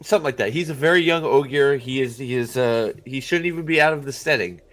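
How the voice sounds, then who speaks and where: A man hosting a casual fan chat, excitable and crude, quick to laugh. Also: medium pitch. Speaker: host.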